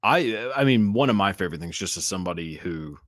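A man hosting a casual podcast chat, laid-back and quick to agree with his guest. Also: deep voice, lively intonation, fairly bright tone, no room sound. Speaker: podcast host.

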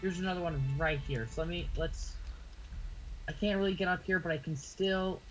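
A man's voice: high-pitched, normal speed, music in the background, low-quality recording. A man playing a video game with a friend, chatting casually and joking around in a laid-back way. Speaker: co-player. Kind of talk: casual gaming chat.

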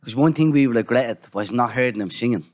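Irish fella co-hosting a chat show, fires off quick friendly questions. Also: male voice, medium pitch, darkish tone. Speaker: podcast co-host. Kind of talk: casual chat.

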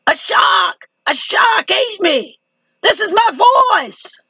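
A woman putting on a loud, whiny impression of a shouting man. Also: very high voice, lively intonation, slow pace, no room sound, voice pushed up, heavily acted. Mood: yelling.

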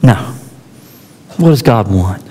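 Expressive male preacher in a reverberant church. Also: fairly low pitch, husky. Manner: storytelling with acted quotes and emphatic pauses. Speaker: pastor. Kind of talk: sermon. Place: church sanctuary.

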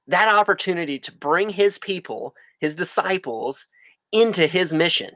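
Man pastor, earnest sermon outdoors, slightly high voice, dry muffled lo-fi capture. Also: expressive, moderate pace, bright, forceful tone, no echo. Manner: earnest, repeats phrases for emphasis. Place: outdoors in the sun.

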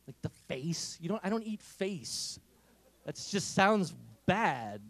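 Guy with a high bouncy voice giving a funny pep talk to teens, dry close sound. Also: slow, no room sound. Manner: energetic, humorous storytelling. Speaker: speaker.

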